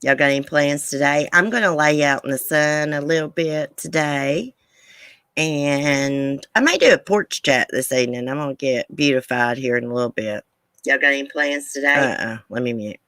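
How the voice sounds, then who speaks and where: A woman's voice: deep voice, normal speed, a bit bright, no echo. A woman hosting a casual live chat with viewers, blunt and profane. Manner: blunt, angry and profane, then chatty. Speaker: livestream host.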